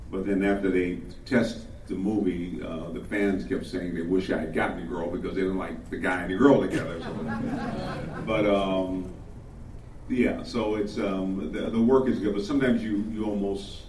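Older man, low voice, chatty anecdotes, chuckles, distant mic in an echoey room. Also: fairly even intonation, moderate pace, a little mellow, a little hiss or hum. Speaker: actor. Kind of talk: panel Q&A storytelling.

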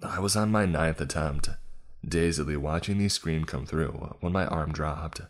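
A man narrating a scripted first-person horror story in a low, steady, grim manner. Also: measured pace. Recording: faint music bed. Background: faint music.

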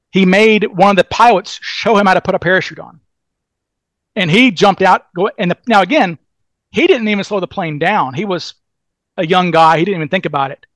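High-voiced Southern man telling a story. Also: fairly bright tone, dry recording. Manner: retells a story acting out voices, with fillers and restarts. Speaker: podcast guest, DB Cooper researcher. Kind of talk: animated storytelling in casual interview.

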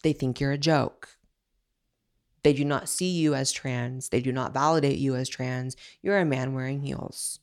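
A woman's voice: rumbling low, steady tone, a little slow, darkish tone. A woman hosting an opinionated commentary show, talking in a blunt, sarcastic, ranting way.

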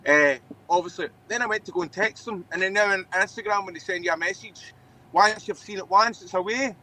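A man's voice: high voice, fairly quick, bright, forceful tone, poor audio. A Scottish man on a video call, telling a story casually in a rambling, hesitant way with some swearing. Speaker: podcast regular on a video call.

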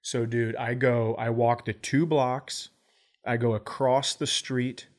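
A man's voice: mid-range voice, flat delivery, slow pace. A man in his forties telling a comic story on a podcast, acting out both sides of the conversations as he goes. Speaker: podcast co-host, comedian. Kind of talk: casual storytelling chat.

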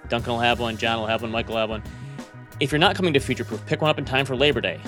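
A man hosting a podcast in a casual, chatty way, fast and self-deprecating. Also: mid-range voice, fairly bright tone, faint music behind. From United States. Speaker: podcast host. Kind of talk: casual chat, reading an ad.

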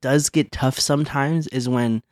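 A man co-hosting a podcast, telling stories in a lively, animated way and swearing freely. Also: medium pitch, a little slow, no room sound, studio quality. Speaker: podcast co-host. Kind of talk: casual chat.

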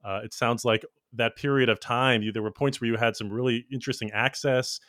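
A man hosting a podcast, asking curious, measured questions. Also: mid-range voice, steady tone, fairly bright tone, no echo, clean studio sound. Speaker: podcast host. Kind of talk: podcast interview.

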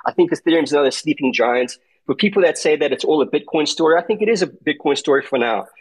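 A man's voice: on the high side, lively intonation, fast, breathy edge, low-quality recording. A man with a South African accent giving emphatic market commentary in an online audio chat, tagging his points with "okay?" and "right?". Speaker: crypto trader and guest speaker.

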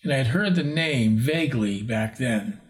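A man's voice: medium pitch, lively intonation, normal speed. A man in his sixties, a paranormal investigator, telling a rambling story in an interview and acting out the people he quotes. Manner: rambling, acts out quoted voices.

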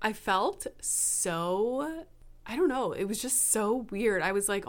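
A woman's voice: medium pitch, expressive, takes it slowly, fairly bright tone. Frank, blunt woman podcast host in her thirties. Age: 30s. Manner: frank and blunt, swears casually. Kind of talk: casual solo podcast talk.

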